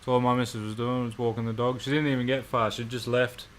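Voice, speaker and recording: Laid-back Australian bloke. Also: male voice, mid-range voice, flat delivery, fast talker, slight background noise. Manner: laid-back, swears casually. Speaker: livestream co-host. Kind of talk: casual chat on a livestream.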